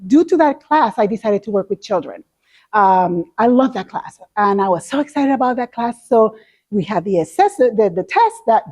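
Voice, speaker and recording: Woman speaker with a Spanish accent, slightly high pitch, animated and expressive while telling a story. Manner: animated, acts out her own past reactions. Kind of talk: storytelling talk.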